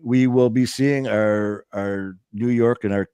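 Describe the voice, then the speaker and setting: A man's voice: on the low side, steady tone, takes it slowly, dark tone, clear, resonant tone, dry recording. Michigan guy hosting his show, jokey rambling talk, dry close mic. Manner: rambling, stop-start, jokey. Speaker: show host. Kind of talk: casual chat. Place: studio.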